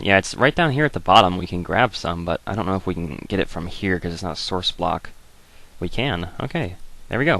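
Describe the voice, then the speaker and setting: A man's voice: low voice, a bit bright, no room sound. A man hosting a casual let's-play, rambling and thinking aloud with wry asides as he plays. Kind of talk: casual gameplay commentary.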